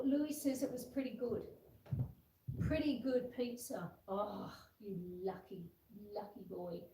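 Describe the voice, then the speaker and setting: High-voiced woman chatting on a livestream. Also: mellow. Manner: chatty, reads viewer comments aloud and coos at the puppy. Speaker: homestead livestream host. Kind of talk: casual livestream chat. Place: indoors at home, seated with a puppy on her lap. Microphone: phone camera set far back. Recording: roomy and distant from the camera.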